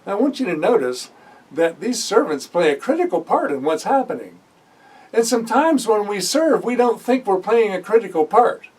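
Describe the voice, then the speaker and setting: A man's voice: sits high, very animated, moderate pace, darkish tone, slightly rough, recorded from a distance, poor audio. A man teaching a sermon, reading scripture aloud and breaking off to comment conversationally, with frequent fillers and self-corrections. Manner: reads a passage, then stops to comment conversationally. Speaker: Bible teacher.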